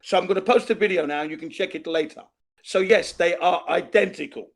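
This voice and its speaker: A man's voice: high-pitched, fairly quick, creaky. A man in a heated online debate who keeps repeating himself to push his point through interruptions. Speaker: debate panelist.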